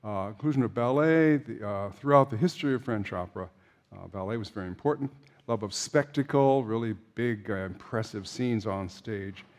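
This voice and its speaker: A man's voice: lowish voice, normal speed. An older man giving an informal opera lecture to a class, chatty and anecdotal, with frequent fillers and restarts.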